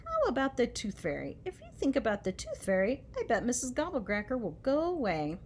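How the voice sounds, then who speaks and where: A woman voicing a gentle, playful father at bedtime. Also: fairly high pitch, wildly swooping pitch, fairly quick, slight background noise. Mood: soothing.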